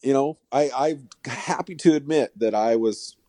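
A man's voice: mid-range voice, measured pace, warm tone, no echo, studio quality. A man appearing as a sportswriter guest on a podcast, rambling and self-mocking in casual chat.

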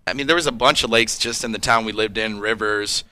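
A man from Southern California co-hosting a radio show, chatting lively and reading history facts. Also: lowish voice, a little fast, clear, resonant tone, no room sound. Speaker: radio co-host.

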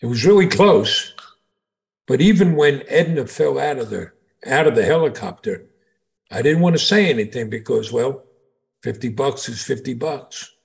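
Man playing stingy old man, 78, deadpan, gravelly. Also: medium pitch, moderate pace. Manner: deadpan punchline delivery.

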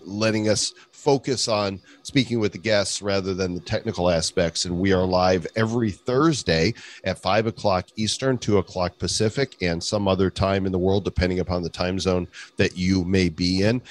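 A man co-hosting a podcast, chatting casually and jokily. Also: low voice. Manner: animated, jokey, breaks into voices. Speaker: podcast co-host. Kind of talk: casual chat.

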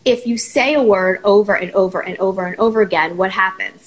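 A woman therapist, a guest on a talk show, explaining ideas in a steady teaching tone. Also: mid-range voice, a little fast, poor audio. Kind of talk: conversational explanation.

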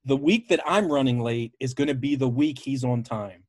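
Male podcast host, husky, relaxed interviewer. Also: medium pitch, moderate pace. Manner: agreeable, reflective, fills with uh. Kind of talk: casual interview chat.

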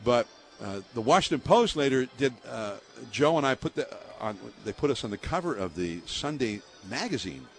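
This interview features an older Bay Area baseball broadcaster telling vivid stories with frequent laughter and many fillers. His mid-range voice runs at normal speed with few pauses.

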